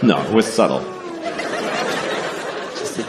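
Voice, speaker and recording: Man, stand-up comic, crude mock rants, lively pitch, echoey room, crowd laughing. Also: normal speed, background noise. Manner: crude, mock-ranting, acts out characters. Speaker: stand-up comedian. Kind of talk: stand-up comedy set. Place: comedy stage before a live audience.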